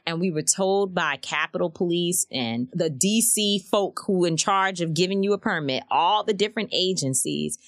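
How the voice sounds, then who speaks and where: A woman's voice: moderate pace, few pauses, no echo, studio quality. A woman who organizes marches, talking candidly in an interview and acting out quoted voices as she tells stories. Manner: animated storytelling, acts out quotes with rising pitch.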